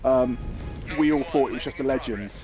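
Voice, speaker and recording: A man's voice: medium pitch, moderate pace, music in the background. Rambling man streaming games. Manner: rambling, lots of fillers and restarts, swears casually. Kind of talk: livestream storytelling and gaming chat.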